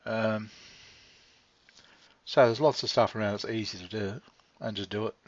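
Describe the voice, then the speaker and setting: A male vlogger with a low, steady voice speaks at a moderate pace in a meandering, laid-back monologue, casually swearing and chuckling along the way. The recording is dry, with a slightly dull lo-fi sound.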